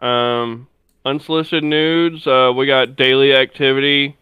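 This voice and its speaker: A man's voice: mid-range voice, flat delivery, unhurried, clear, resonant tone, no room sound, highs cut off. A man chatting casually on a podcast panel, hesitant and full of fillers. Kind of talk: casual chat.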